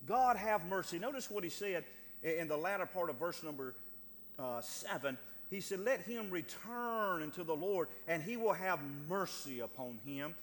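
A man preaching a sermon with fervor, often repeating words and restarting phrases, and building to shouted cries. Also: on the high side, lively intonation, moderate pace. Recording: long hall reverb.

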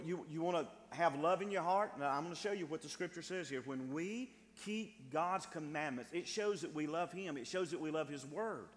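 A man preaches as pastor with emphatic force, reading from scripture, repeating key phrases to the congregation and speaking to the brethren. His voice is fairly high and fairly bright, set in a big-room acoustic.

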